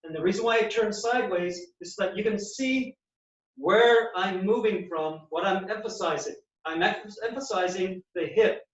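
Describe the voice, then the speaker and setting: A man's voice: high-pitched, moderate pace. A male physical therapist explaining and demonstrating knee exercises step by step in a clinic. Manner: instructive, explains while demonstrating movements. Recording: echoey, distant, dull sound.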